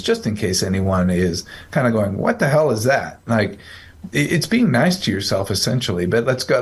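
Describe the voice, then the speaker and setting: A man's voice: mid-range voice, slightly rough. A man hosting a casual psychology podcast, explaining a study in a rambling, self-correcting, joking way. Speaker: psychologist host.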